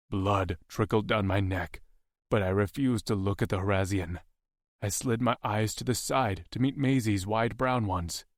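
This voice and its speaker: A man narrating a first-person fantasy audiobook in a measured, tense way. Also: on the low side, fairly even intonation, dry recording, clean studio sound.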